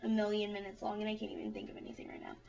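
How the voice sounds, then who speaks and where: A woman's voice: mid-range voice, sing-song, rapid-fire, vocal fry, a little mellow, faint music behind. A young woman telling a funny story in a rambling, giggly way, full of fillers. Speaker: vlogger. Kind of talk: casual storytelling. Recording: distant, dull lo-fi home recording.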